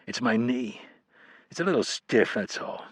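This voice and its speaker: A man's voice: medium pitch, expressive, measured pace, breathy edge, no room sound, clean studio sound. A man narrating an audiobook voices a hardened male operative who speaks in terse, clipped lines.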